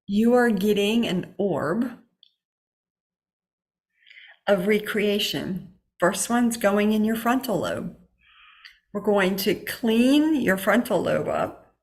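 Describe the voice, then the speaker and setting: Host, woman, leads a spiritual healing circle; slow, unhurried delivery, mid pitch, affirming tone. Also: lively intonation. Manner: encouraging, affirming, repetitive phrasing. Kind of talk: spiritual guidance talk. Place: home, online session.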